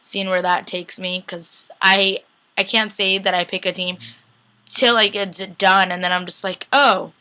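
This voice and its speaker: A young adult woman recapping a TV episode in an excited, chatty way, full of "like" and acted-out reactions. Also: medium pitch, a little slow, clear, resonant tone, poor audio. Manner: gushing, chatty, acts out lines with lots of "like". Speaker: fan vlogger recapping a TV episode.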